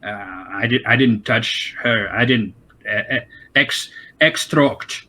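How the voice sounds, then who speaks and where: A man's voice: medium pitch, slow pace, pushed and bright. Man doing a sulky young mercenary thug, defensive and sneery, pretty plain voice. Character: sullen young male mercenary prisoner.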